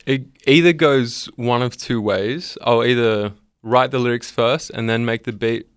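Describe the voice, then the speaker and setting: A man's voice: mid-range voice, unhurried, clear, resonant tone, no room sound, clean studio sound. A man with an Australian accent, a musician guest on a radio show, talking in a laid-back, hesitant way with many ums. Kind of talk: casual radio interview. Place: radio studio.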